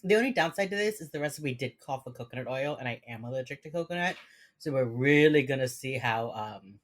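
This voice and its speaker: A woman in young adulthood, her voice sitting low, chatting casually and laughing a lot. She co-hosts a podcast from a remote call setup. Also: brisk. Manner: laughs often, relaxed and chatty. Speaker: podcast co-host. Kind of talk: casual chat. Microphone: remote video call.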